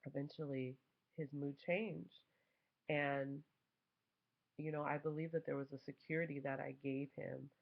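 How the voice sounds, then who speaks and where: A young mother casually telling a family story, animated and acting out quoted voices. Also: deep voice, a little slow, creaky, long pauses. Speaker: mother vlogger. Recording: dull lo-fi home recording.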